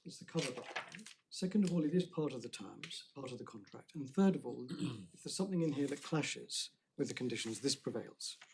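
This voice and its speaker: A man arguing an appeal before judges in a courtroom, speaking formally, measured and deliberate, often restarting his phrases. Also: medium pitch, lively intonation, gravelly, darkish tone, slight background noise.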